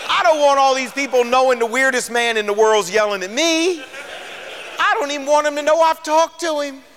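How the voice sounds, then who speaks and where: High, bright-voiced older male preacher. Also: moderate pace, big-room sound, slight background noise. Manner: animated storyteller, acts out dialogue. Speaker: radio preacher. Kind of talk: sermon testimony storytelling.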